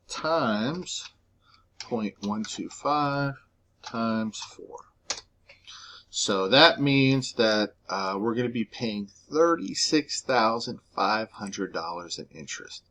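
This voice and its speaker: A man teaching a recorded math lesson, explaining step by step in a relaxed way. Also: on the low side, slow pace.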